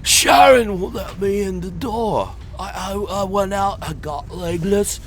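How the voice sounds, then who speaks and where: A man putting on the voice of a drunk rambling rock-star man who babbles loud, confused nonsense. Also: high-pitched, measured pace, faint music behind, pitched above the performer's own voice.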